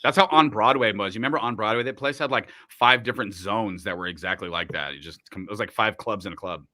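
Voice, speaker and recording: A man's voice: fairly low pitch, pushed and bright. A man hosting a casual chat, asking questions, chiming in and laughing often. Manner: laughs often, quick interjections. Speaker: host.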